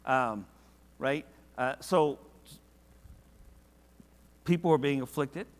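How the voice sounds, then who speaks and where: A man's voice: medium pitch, slow pace, big-room sound. A man leading a church Bible study in a casual, conversational way, often asking the class questions. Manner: conversational, asks the class questions, animated when reading verses.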